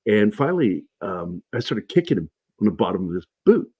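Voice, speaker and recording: A middle-aged man telling animated stories in a casual livestream chat, his voice husky and low. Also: a little fast, no room sound. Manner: animated anecdotes, shouting in quoted lines. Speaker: guest.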